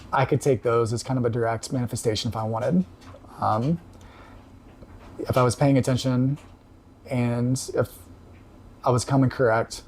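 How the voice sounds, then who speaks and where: A man calmly recounting a personal story in casual conversation, reflective, with frequent pauses and fillers. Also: mid-range voice, slight background noise. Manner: reflective, halting with many fillers. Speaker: podcast guest.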